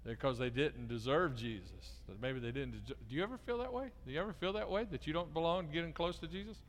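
A middle-aged pastor gives a children's sermon, coaxing the kids with lively questions. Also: male voice, a little high, fast talker. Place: church sanctuary. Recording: long reverb of a large church hall.

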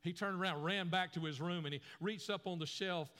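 A man preaching a sermon, telling a story with lively acted-out voices. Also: high voice, a little fast. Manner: animated storyteller acting out voices. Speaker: pastor.

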